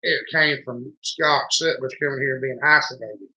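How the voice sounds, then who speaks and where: A man with a Southern Carolina accent chatting casually on a livestream in a slow, folksy, self-deprecating way. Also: medium pitch, bright, forceful tone. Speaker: co-host. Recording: muffled lo-fi stream audio.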